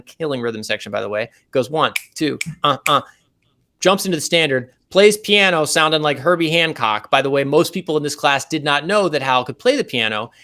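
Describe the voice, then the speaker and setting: Interviewed as a guest saxophonist, a man with a slightly high voice shares animated anecdotes. He walks through technical ideas step by step, keeping it relaxed.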